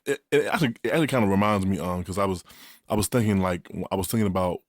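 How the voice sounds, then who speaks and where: A young man co-hosts a podcast in a lowish voice and talks quickly. He chats casually and in a laid-back way. The recording is dry and close. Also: dry recording. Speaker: podcast co-host. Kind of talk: casual conversation.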